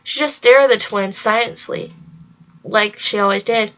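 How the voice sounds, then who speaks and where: Bright-voiced woman reading a story aloud. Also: mid-range voice, moderate pace, muffled recording. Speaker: reader. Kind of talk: storybook read-along narration.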